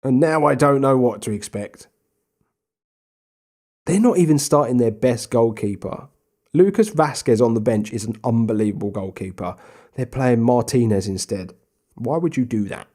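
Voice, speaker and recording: A young man casually commentating his own football management game, chatty, with sudden bursts of excited shouting. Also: medium pitch, moderate pace. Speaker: gaming YouTuber. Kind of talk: casual Let's Play commentary.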